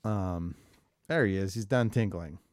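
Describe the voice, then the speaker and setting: A man's voice: deep voice, unhurried, a little mellow, dry recording. A man co-hosting a podcast, rambling and joking casually while filling airtime, swearing freely. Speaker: podcast co-host.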